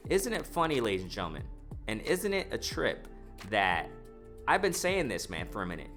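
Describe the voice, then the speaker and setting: A lowish-voiced man talks through the latest boxing news in a loose, slangy way. He keeps breaking off from the article to react, calling out to the viewers. Faint music plays underneath. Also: moderate pace. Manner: excited, animated, talks to the viewers as "ladies and gentlemen"; slangy, full of fillers like "you know" and "man". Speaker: boxing commentary vlogger. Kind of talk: casual reaction commentary, reading a news article aloud.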